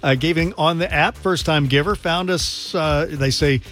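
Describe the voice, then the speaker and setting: A man's voice: on the high side, normal speed, fairly bright tone, soft background music. A man hosting a radio fundraising drive, reading out donor names and thanking listeners. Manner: reads donor names and messages. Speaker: radio host.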